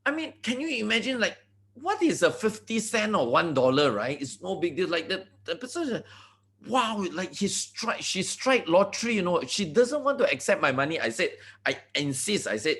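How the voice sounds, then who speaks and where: Lively Malaysian man telling stories. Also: high voice, moderate pace. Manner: animated storytelling, frequent restarts and "you know". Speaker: guest speaker. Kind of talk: motivational talk.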